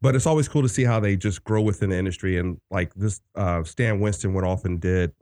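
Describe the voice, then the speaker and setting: A man's voice: low voice, brisk, dark tone, dry recording, studio quality. A man from the American South, co-hosting a casual movie chat, rambling with fillers and restarts. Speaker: podcast co-host.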